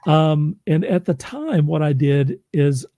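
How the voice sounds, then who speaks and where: A man's voice: fairly high pitch, very animated, takes it slowly, mellow, no echo. A man who narrates audiobooks, chatting casually in a rambling, self-deprecating way and laughing often. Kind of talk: casual chat.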